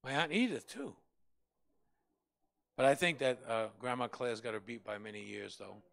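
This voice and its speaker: Fervent gravelly man preaching. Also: mid-range voice, lively intonation, moderate pace, fairly bright tone. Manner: fervent, emphatic, repeats for stress. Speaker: pastor. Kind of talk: preaching a Bible study.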